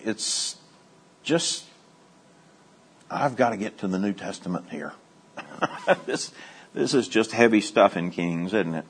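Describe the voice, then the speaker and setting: A middle-aged man teaching a Bible study, moving from quiet asides to high, excited storytelling. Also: slow, pauses often, a little hiss or hum.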